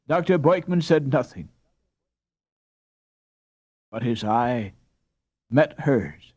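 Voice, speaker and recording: A man narrating a classic children's novel in a measured, expressive storytelling manner. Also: a little high, no room sound. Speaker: audiobook narrator. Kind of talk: scripted narration.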